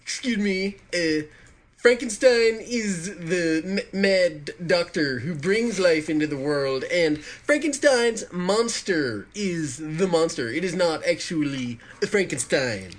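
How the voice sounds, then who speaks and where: A man's voice: a little high, lively intonation, takes it slowly. A man doing a pedantic nerd voice. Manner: fussy, prim correcting tone. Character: pedantic nerdy man correcting trivia.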